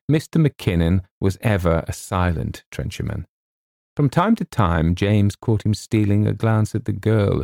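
An audiobook narrator with a deep, gravelly, darkish voice delivers scripted narration as measured storytelling. The sound is clean studio audio with no room sound.

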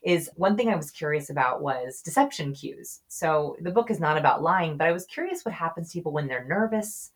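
A young adult woman, a guest researcher on a podcast, explaining quickly and expressively and acting out example voices. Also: deep voice, expressive, breathy edge. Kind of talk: podcast interview.

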